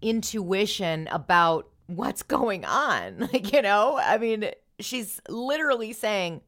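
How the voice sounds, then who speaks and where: A woman's voice: mid-range voice, very animated, takes it slowly, hardly any pauses, a bit bright. A woman hosting a podcast, retelling reality TV scenes in casual chat and acting out the quoted lines. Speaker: podcast host.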